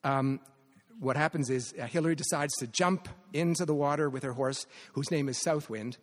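A man's voice: medium pitch, normal speed, long reverb tail. A man from Canada, a novelist speaking at a literary reading, talking with many restarts and fillers. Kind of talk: live author talk at a literary event. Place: venue at a literary festival.

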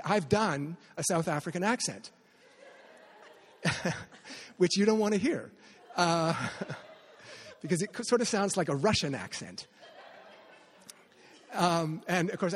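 A Canadian novelist gives a live author talk at a literary festival venue, his speech full of restarts and fillers. His voice sits on the higher side, and a long reverb tail trails after it.

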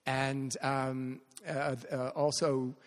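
A man's voice: mid-range voice, little pitch movement, very slow, long reverb tail. A man from Canada, a novelist speaking at a literary reading, talking with many restarts and fillers. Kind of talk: live author talk at a literary event. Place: venue at a literary festival.

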